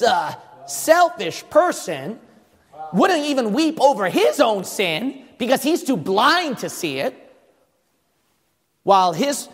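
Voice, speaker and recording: A man's voice: high-pitched, fairly bright tone, long reverb tail. A man preaching a fervent sermon as pastor, firing rhetorical questions at his congregation.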